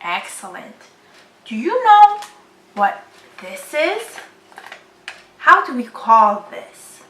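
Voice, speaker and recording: Woman teaching children phonics, high bright voice, very slow and lively, echoey room, slightly distant mic. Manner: slow, clearly enunciated, encouraging teacher talk. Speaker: English teacher.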